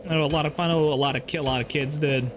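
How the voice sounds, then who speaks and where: A man's voice: on the high side, fairly even intonation, racing, background noise. A man casually commenting on his gameplay while streaming, answering chat and laughing often.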